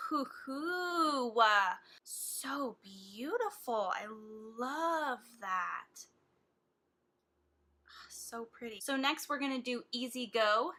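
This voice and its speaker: A woman beauty vlogger with a slightly high voice swatches eyeshadows in a casual vlog, gushing excitedly and gasping with delight.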